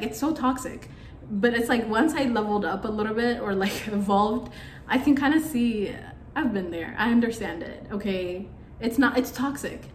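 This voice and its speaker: Candid young woman rambling in an echoey room. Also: medium pitch. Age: young adult. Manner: candid, rambling, frequent fillers. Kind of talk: casual storytime monologue. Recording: echoey room with faint background noise.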